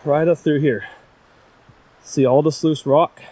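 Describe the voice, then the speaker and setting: Out of breath on a rocky trail, a young man narrates a casual hiking vlog for his viewers, talkative and poking fun at himself. He speaks slowly in a fairly high, mellow voice with fairly even intonation, captured by a camera-mounted shotgun mic amid wind.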